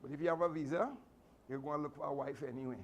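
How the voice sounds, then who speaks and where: A man's voice: fairly high pitch, very fast, vocal fry. Trinidadian male instructor, raised voice, chatty storyteller, faint background noise. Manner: animated, chatty, laughing asides. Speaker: martial arts instructor. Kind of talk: storytelling speech to a class.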